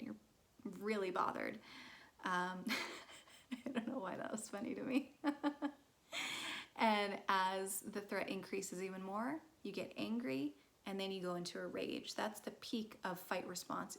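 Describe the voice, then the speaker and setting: Woman, mindfulness teacher, casual lesson, gravelly fry, laughs often, lots of fillers. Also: mid-range voice.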